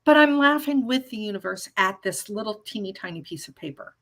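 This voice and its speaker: Lively in intonation, a little fast, and a bit bright at medium pitch, this woman in her fifties is a life coach chatting as a guest in a relaxed interview. She keeps things playful, restarts sentences often, and performs little scenes.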